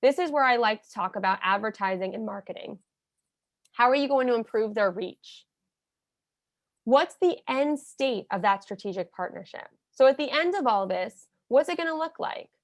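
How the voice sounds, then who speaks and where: A woman's voice: fairly high pitch, lively intonation, moderate pace, no echo. A woman giving an instructional talk as a nonprofit consultant, emphatic and coaching, acting out sample messages.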